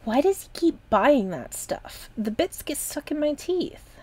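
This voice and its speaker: A level-headed young girl pirate who speaks calmly and grumbles about things, as a woman reads the part aloud. She sounds close to the reader's own everyday voice. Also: high voice, unhurried, voice pushed up. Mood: grumbling. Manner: calm, matter-of-fact. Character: calm young female pirate, dry and grumbly.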